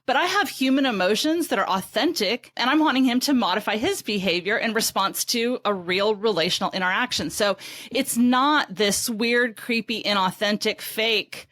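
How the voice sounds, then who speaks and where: A woman's voice: on the high side, normal speed, no echo. Dry-voiced woman explaining parenting. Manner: animated, explanatory, acts out parent self-talk. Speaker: guest author and parenting expert. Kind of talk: conversational podcast interview.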